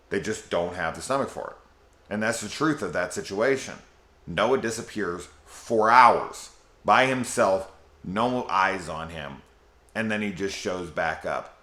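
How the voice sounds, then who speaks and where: Deep-voiced man in an echoey room. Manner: rambling, swearing, excited. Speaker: film reviewer. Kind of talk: casual spoiler review.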